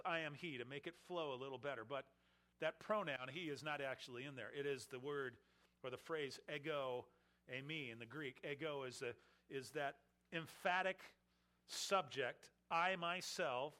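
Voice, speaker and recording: A man delivers an expository sermon in a bright, slightly higher voice. He is earnest and explanatory, stretching out key phrases for weight. His sentences often fall away quietly at the end. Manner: slows for emphasis, drops soft at phrase ends; earnest, explains Greek terms. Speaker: pastor.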